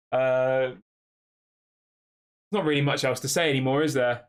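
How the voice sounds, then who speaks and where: A man's voice: medium pitch, steady tone, normal speed, pauses often, fairly bright tone, clean tone. Young guy live streaming, reading chat out, lots of um and yeah, just chatting casual. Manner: conversational, reads chat questions aloud, frequent fillers.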